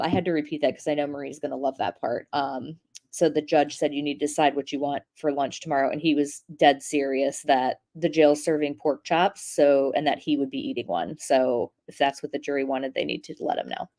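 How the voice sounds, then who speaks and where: Low-voiced woman hosting casual commentary. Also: normal speed, warm tone. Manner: conversational, many fillers and restarts. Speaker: host. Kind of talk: casual live-stream commentary.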